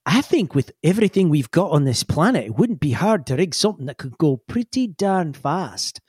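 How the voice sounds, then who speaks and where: A confident, flirty woman engineer, voiced by a man in a near-natural voice talks in a breezy, playful way. Her voice sits fairly high and swings around a lot. The room sounds dry and close. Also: sing-song, moderate pace, darkish tone, breathy edge, dry recording.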